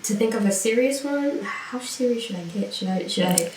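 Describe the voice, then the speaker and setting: A woman's voice: a little high, expressive, normal speed, a little mellow. Young woman heard far off in a roomy space. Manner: supportive listener, frequent murmured agreement. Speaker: podcast co-host. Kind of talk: casual chat. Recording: roomy, distant mic with faint background hiss.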